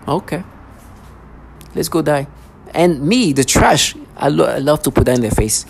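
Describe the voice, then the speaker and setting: Vlogger, mid-pitched, agitated, repetitive, stammers and restarts often. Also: expressive, normal speed, vocal fry, pauses often, slight background noise. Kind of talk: rambling personal monologue.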